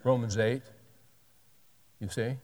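A man's voice: medium pitch, fairly even intonation, slow pace, a little mellow. A man in his sixties preaching a sermon, reading scripture aloud and breaking in with folksy joking asides. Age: 60s. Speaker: pastor. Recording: long hall reverb.

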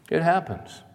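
Pastor guy preaching, goes loud then real quiet, long echo in a big church hall. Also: a little hiss or hum. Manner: dramatic, swings between loud emphasis and hushed asides. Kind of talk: sermon.

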